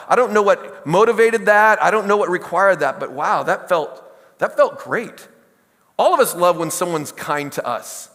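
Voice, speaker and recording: A man's voice: sits high, a bit bright, in a large hall. A middle-aged man preaching a sermon as pastor, talking in a conversational way, with stories, asides and questions to the congregation. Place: church sanctuary.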